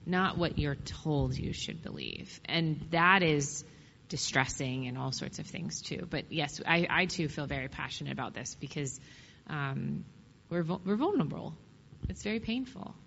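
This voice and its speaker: Low-voiced woman speaking reflectively. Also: lively intonation, moderate pace, vocal fry, a bit bright. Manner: reflective, earnest. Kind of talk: casual conversational interview. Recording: dull sound, long reverb, faint noise.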